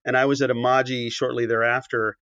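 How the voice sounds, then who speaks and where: A man's voice: medium pitch, little pitch movement, fairly quick, fairly bright tone, dry recording. A man telling a long anecdote as a podcast guest, with many fillers and restarts, acting out quoted dialogue. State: briefly choked up. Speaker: podcast guest, author and animation writer. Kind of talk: conversational storytelling. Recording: dull, dry podcast audio.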